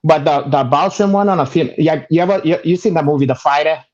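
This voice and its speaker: A man's voice: on the high side, fast talker, darkish tone. A man co-hosting a casual podcast chat, rambling and cursing in loose, broken grammar. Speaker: co-host. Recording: dull lo-fi audio.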